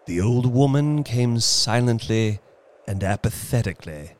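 Slow, hushed male horror narrator. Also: medium pitch, animated, a little hiss or hum. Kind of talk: dramatic horror story reading.

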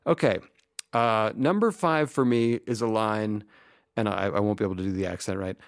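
Middle-aged guy on a comedy podcast, lowish voice, dead dry sound, wry and laughing a lot. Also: no echo. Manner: wry, enthusiastic, quick to laugh. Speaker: podcast co-host. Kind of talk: casual comedy chat.

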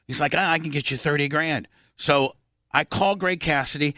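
A middle-aged man from Indiana hosting a radio talk show, telling a long story, swearing freely and clearing his throat often. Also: a little high, brisk, pushed and bright, no echo, studio quality.

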